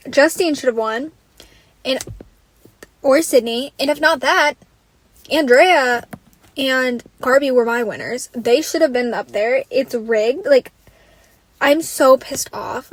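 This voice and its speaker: A woman's voice: sits high, takes it slowly, pauses often. A young woman hosting a solo podcast, ranting in an exasperated, casual way, swearing freely and saying "like" constantly. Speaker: podcast host.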